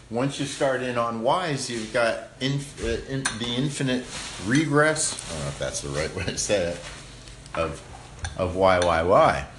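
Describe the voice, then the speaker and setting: A man's voice: low voice, background noise. A man in a casual debate, musing aloud and often restarting or repeating words.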